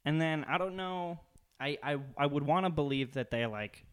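A man's voice: on the high side, normal speed, a bit bright, clean tone. A young man co-hosting a podcast, joking and rambling with lots of swearing. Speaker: podcast co-host. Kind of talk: casual profane chat.

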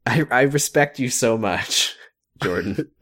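Teasing man with an animated voice. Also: mid-range voice, slow pace. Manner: dry, teasing, laughs along. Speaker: podcast co-host. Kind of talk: casual comedic chat recapping a show.

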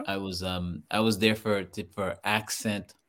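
A man's voice: low-pitched, measured pace. A man from Trinidad with a Trinidadian accent, a guest telling stories with laughter in casual chat. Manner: laughing, animated storytelling. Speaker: guest actor.

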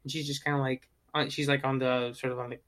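A man co-hosting a casual movie chat, rambling with lots of fillers and animated asides. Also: medium pitch, fast. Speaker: podcast co-host.

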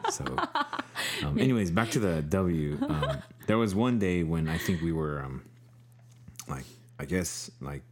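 A man's voice: very deep voice, unhurried. A man co-hosting a podcast in casual chat, laid-back and rambling with many fillers.

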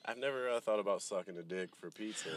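A man's voice: on the low side, quick pace. A young man hosting a podcast, teasing his guest with crude questions and laughing often. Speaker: podcast host. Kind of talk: casual chat.

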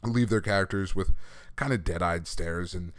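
A man casually reviewing comics on a podcast, his voice hoarse from being sick, talking candidly with swearing and laughs. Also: low-pitched, normal speed, dry recording. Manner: candid, profane, animated rants with laughter. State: hoarse from recent illness. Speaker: comic book podcast host.

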